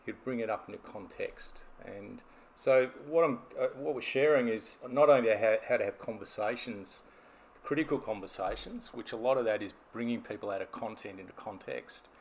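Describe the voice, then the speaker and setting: A man's voice: lowish voice, moderate pace, vocal fry. A man, a business coach telling stories and explaining ideas in a podcast conversation. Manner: storytelling, explanatory.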